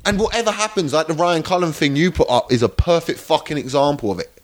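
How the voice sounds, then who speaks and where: A man's voice: on the high side, fast talker. An English man co-hosting a podcast, blunt and sweary, teasing his friend in casual chat. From England.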